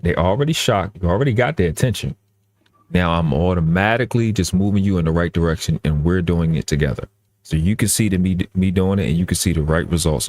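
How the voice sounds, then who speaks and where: A man's voice: deep voice, darkish tone, dry recording. A man talking earnestly in casual live-stream chat, often restarting and repeating his phrases.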